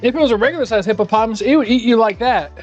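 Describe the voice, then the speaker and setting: A man's voice: very high-pitched, rapid-fire, dull audio. A man rambling sarcastically and animatedly in casual chat while he cooks live in his home kitchen. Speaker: live-streaming home cook. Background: faint music.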